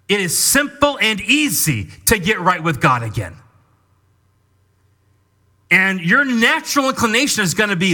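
A male pastor preaching a sermon in a conversational, animated way, acting out what people tell themselves. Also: on the high side.

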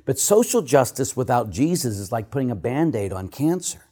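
An older man, a Catholic priest, telling stories to a church audience in an animated, joking way that swings from loud to hushed. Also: medium pitch, moderate pace. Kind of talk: storytelling talk to a church audience.

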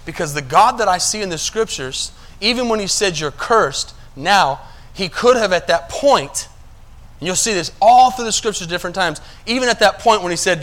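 Preaching in a high voice, a male pastor makes sure his congregation is following along. He shifts back and forth between soft asides and loud, forceful stretches.

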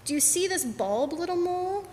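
A woman voicing a gentle, loving mother mole who speaks softly and reassuringly, in a storybook reading. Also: very high-pitched, lively intonation, normal speed, pitched above the performer's own voice. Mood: tender. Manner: soft, soothing, reassuring. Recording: echoey church hall, faint hum.

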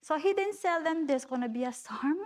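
A woman's voice: sits high, lively intonation, normal speed, darkish tone. A woman giving an informal sermon in a chatty way, laughing often and calling on listeners by name. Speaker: preacher.

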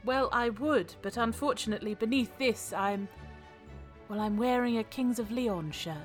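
A woman's voice: fairly high pitch, moderate pace, soft background music, close to an everyday voice. A woman voicing a prim, whimsical lady who speaks in a genteel, mild way.

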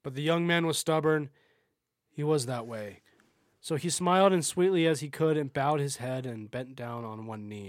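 A man's voice: mid-range voice, normal speed, no echo, clean studio sound. A man, a podcast host, reading a folktale aloud with small stumbles and self-corrections.

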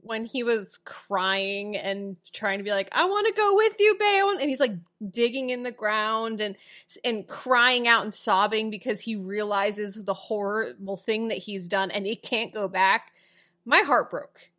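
A woman co-hosting a casual podcast, explaining plot points in quick bursts and quoting the characters. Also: medium pitch, steady tone, pushed and bright. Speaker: podcast co-host. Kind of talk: casual recap chat about a TV show.

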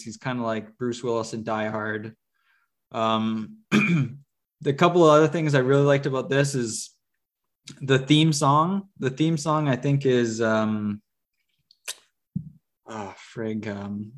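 A man co-hosting a podcast chats casually about movies, rambling with plenty of fillers and restarts. His voice sits at a medium pitch and moves at a measured pace.

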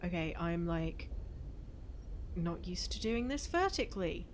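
A woman's voice: lowish voice, very animated, a little slow, slight background noise. A woman playing a tabletop game, talking in a chatty, rambling way with many "like"s and "um"s. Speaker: player.

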